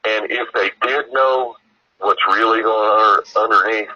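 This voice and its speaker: A man's voice: on the low side, steady tone, measured pace, pushed and bright, slightly rough, no echo, dull audio. An American man telling a long story as an interview guest, rambling and profane with lots of "you know". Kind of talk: casual storytelling.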